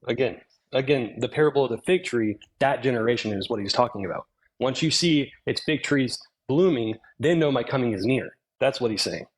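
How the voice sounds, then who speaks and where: A man's voice: medium pitch, lively intonation, a little fast, breathy edge, low-quality recording. A man calling into an online debate, talking in an insistent way and cutting in often. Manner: insistent, interrupting. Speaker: debate caller.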